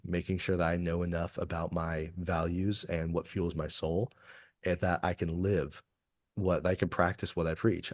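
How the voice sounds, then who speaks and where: A man's voice: low-pitched, no echo, studio quality. A man from Kentucky, an executive coach talking earnestly and reflectively as a guest in a podcast interview. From Kentucky, USA. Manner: earnest, reflective, open about feelings.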